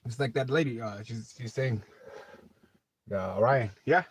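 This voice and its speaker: A man's voice: medium pitch, unhurried, slight background noise. A middle-aged man hosting a livestream, telling rambling stories in casual chat, cursing freely. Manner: rambling profane storytelling. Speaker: livestream host. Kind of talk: casual late-night chat.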